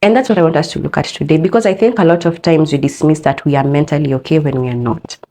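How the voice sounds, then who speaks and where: A young Kenyan woman speaks in a slightly low voice, hosting her own podcast. She tells a personal story in an open, candid way and leans into the telling. The voice sits a bit lower than most women's. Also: fast talker, mellow, a little hiss or hum. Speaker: podcast host.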